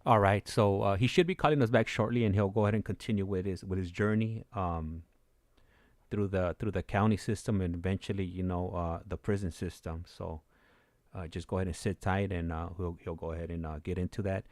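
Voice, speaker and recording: A laid-back man hosting a livestream, chatting with a very low voice. He pauses often and restarts his sentences. The recording is dry and close. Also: steady tone, dry recording. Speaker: channel host. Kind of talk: casual livestream chat.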